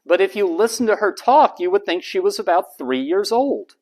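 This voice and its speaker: The speaker is an American college lecturer, deliberate in pace and slow when repeating important terms. He acts out voice types, using a flat low monotone for the examples.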